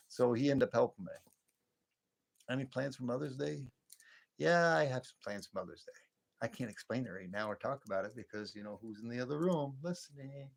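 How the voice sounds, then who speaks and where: A man's voice: mid-range voice, lively intonation, fairly quick, vocal fry. A man hosting a late-night livestream, chatting in a rambling, friendly way, chuckling often and answering viewer comments. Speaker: livestream host.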